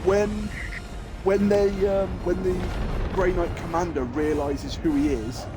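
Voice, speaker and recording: A man's voice: high voice, fairly even intonation, unhurried, noisy background. Rambling man streaming games. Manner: rambling, lots of fillers and restarts, swears casually. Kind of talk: livestream storytelling and gaming chat.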